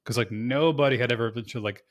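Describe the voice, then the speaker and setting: A man hosting a podcast, chatting casually and animatedly, swearing loosely and peppering his talk with "like". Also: mid-range voice. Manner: rapid, animated, swears casually, lots of filler "like". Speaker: podcast host. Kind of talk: casual conversational podcast chat.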